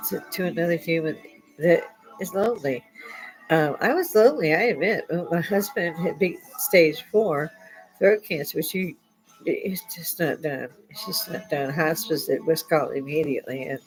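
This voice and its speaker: A woman's voice: low voice, low-quality recording. An older woman hosting a casual live-stream chat from home, chatty and laughing often. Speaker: host.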